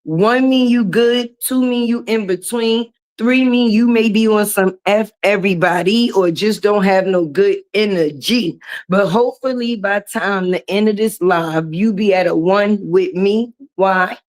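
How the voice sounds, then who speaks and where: A woman with a hoarse, medium-pitched, darkish voice hosts a casual live stream from a garage, speaking unhurriedly. She chats with viewers, greeting them by name and calling them baby.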